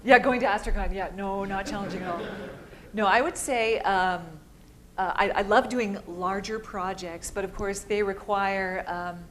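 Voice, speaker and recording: A woman's voice: mid-range voice, steady tone, moderate pace, fairly bright tone. A woman voice-over artist answering audience questions at a live panel, chatty and upbeat, laughing easily.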